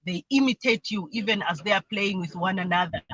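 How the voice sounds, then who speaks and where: Woman guest, earnest explainer, bright tone, dry mic. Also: medium pitch, a little fast, breathy edge, no room sound, highs cut off. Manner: earnest, explanatory, imitates voices when quoting. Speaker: mentee sharing her experience. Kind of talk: livestream conversation. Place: remote video call.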